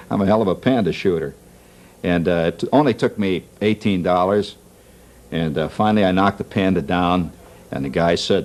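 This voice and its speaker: Male TV host, lowish voice with lively swings of pitch, wry comic monologue in a studio. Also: normal speed. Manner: jokey, wry, laughs at his own jokes. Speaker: talk show host.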